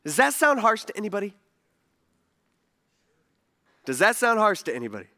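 A man's voice: sits high, very animated, very fast, bright, forceful tone. A man preaching a casual sermon in a conversational way, full of asides and rhetorical questions. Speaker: pastor.

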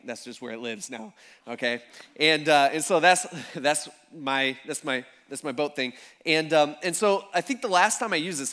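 A man's voice: on the high side, fairly bright tone. A man in his thirties preaching as a pastor, telling stories in a chatty, self-deprecating way and acting out what people said. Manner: chatty, self-deprecating, acts out quoted voices. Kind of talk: casual storytelling sermon.

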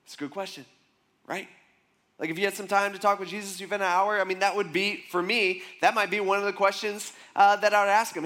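A man's voice: sits high, fairly quick, a bit bright. A man preaching a sermon as pastor, telling a personal story in a casual, conversational way with frequent asides to the congregation.

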